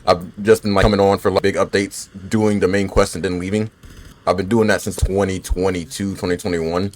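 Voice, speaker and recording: Low-voiced, laid-back, profane gaming streamer man. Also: level tone, fairly quick, slight background noise. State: has the hiccups. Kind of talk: casual gameplay commentary.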